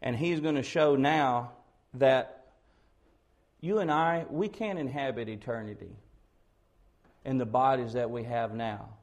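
A man with a mid-range voice preaches an expository sermon, building to loud, slowed, emphatic peaks on key words.

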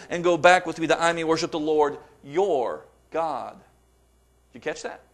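Man, preacher, sermon, slightly high voice, dramatic scripture reading, forceful peaks. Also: brisk. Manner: reads scripture aloud with dramatic emphasis, rising to forceful peaks.

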